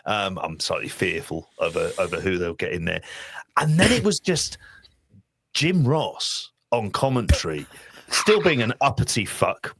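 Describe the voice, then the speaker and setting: A man co-hosting a podcast, talking in a sardonic, sweary, bantering way. His voice sits on the low side, recorded dry and close with no room sound. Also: animated, normal speed, creaky, fairly bright tone, breathy edge, dry recording. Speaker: podcast co-host. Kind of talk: casual podcast chat.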